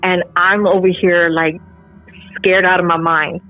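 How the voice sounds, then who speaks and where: A middle-aged woman recounts a personal story in a loose, animated way, full of "like" and "you know." Her voice comes through a narrow, phone-like line. Faint music plays underneath. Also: fairly low pitch, unhurried. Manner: animated retelling with filler words. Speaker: podcast guest. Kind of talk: casual storytelling.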